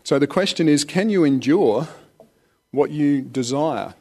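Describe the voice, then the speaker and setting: Brief: male pastor, easygoing conversational sermon delivery, voice a touch higher than average, chuckling asides. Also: unhurried. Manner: relaxed, chatty preaching with chuckles and rhetorical questions.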